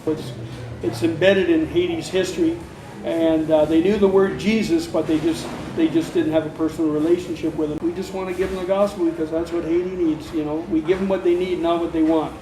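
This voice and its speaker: A man's voice: a little high, steady tone, a little fast. A man working as a missionary, speaking in an interview in an earnest, emphatic way, often repeating himself for stress. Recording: echoey room, faint noise.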